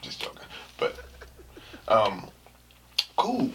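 A young man telling a story to camera in a casual, slangy way, dropping to hushed asides and rising to shouts. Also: mid-range voice, expressive, normal speed, creaky, noisy background. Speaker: vlogger.

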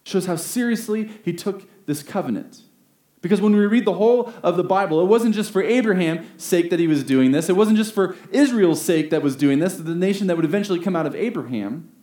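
A man delivers a sermon in a somewhat high voice. He is earnest, climbs to emphatic peaks and slows down to stress key phrases. His voice echoes through a roomy space. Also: lively intonation, dark tone. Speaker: pastor. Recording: roomy echo.

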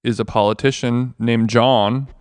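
A man's voice: medium pitch, fairly even intonation, a little slow, clean tone, no echo. A man co-hosting a podcast, telling a rambling, profane anecdote in casual chat. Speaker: podcast co-host. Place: basement of a villa.

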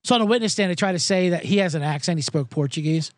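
A man's voice: high voice, quick pace, no room sound. A male podcast host telling a profane, sarcastic comedic story and acting out the people in it. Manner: profane, sarcastic, acts out quoted voices.

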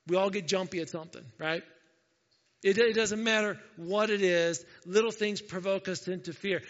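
A man with a high voice preaches to his congregation in an easy, conversational way, slipping into quick quoted voices along the way. The sound is muffled and dull, with a long reverb from the church hall. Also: a bit bright. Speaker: pastor. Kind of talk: sermon. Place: church sanctuary.

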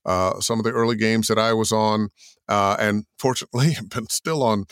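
An older man, a voice actor, answering interview questions in an animated storytelling way, acting out quotes as he goes. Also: lowish voice, a little fast, clean tone, no room sound, studio quality. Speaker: voice actor guest.

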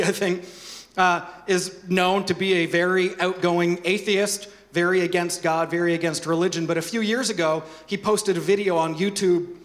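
A man preaching a sermon as pastor, animated, with joking asides and repeated words. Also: high-pitched.

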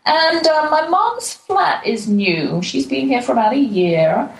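A woman's voice: high voice, sing-song, a little slow, vocal fry. A middle-aged woman, originally from England, telling a chatty, lightly humorous travel diary as a show host. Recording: roomy echo with faint ambient noise.

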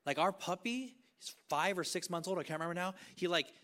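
A man's voice: sits high, animated, brisk, sharp tone. A middle-aged man preaching a sermon in a conversational way, acting out bits of dialogue and often restarting phrases. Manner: conversational, acts out voices, many restarts. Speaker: pastor.

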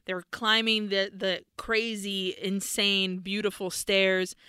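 Bright, crisp young woman recapping a film. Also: medium pitch, takes it slowly, no room sound, clean studio sound. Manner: animated, swears freely, acts out characters' lines. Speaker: podcast co-host. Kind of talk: casual movie recap chat.

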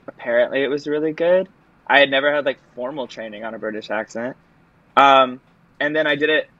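A man's voice: medium pitch, a bit bright, lo-fi sound. A young man, a stage actor, telling an audition story in a chatty, self-deprecating way, with many fillers and laughs. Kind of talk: casual interview storytelling.

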